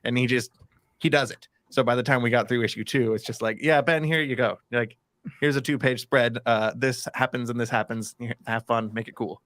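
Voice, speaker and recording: A man's voice: mid-range voice, steady tone, a little fast, a bit bright, no echo. A man co-writing a comic, chatting casually with wry short asides. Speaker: comic book co-writer. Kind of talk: casual interview chat.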